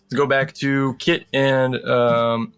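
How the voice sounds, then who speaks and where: A man's voice: mid-range voice, little pitch movement, slow pace, a bit bright, smooth, soft background music. A man narrating as game master in a casual, rambling way with many fillers.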